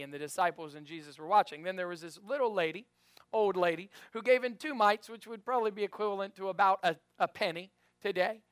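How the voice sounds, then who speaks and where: A man with a high, smooth, resonant voice preaching a sermon in church. He calls the congregation to repeat after him and swings from loud, emphatic peaks to quiet storytelling. The sound is close and dry. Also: no echo. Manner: rousing, call-and-response with the congregation. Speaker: pastor.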